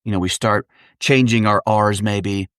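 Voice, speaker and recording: A man's voice: on the low side, steady tone, unhurried, a bit bright, smooth, no echo, clean studio sound. A man, an actor and dialect coach, chatting as a podcast guest in an upbeat way, laughing often and explaining with examples. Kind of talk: casual interview chat.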